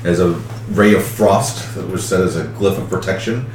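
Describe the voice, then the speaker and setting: A man narrating a tabletop game as game master, calm and matter-of-fact. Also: deep voice, normal speed, roomy sound, distant mic, slight background noise.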